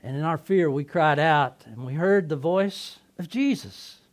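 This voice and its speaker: Dramatic monologue: Peter, an earnest, impulsive fisherman apostle, played by a man; a fairly high male voice. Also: measured pace, lightly acted. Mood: earnest storytelling. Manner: earnest, excitable storyteller. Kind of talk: first-person dramatic monologue.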